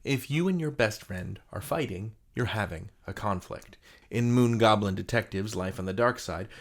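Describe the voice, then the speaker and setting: A man teaching a vocabulary lesson in a playful, jokey, theatrical scripted style. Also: on the low side.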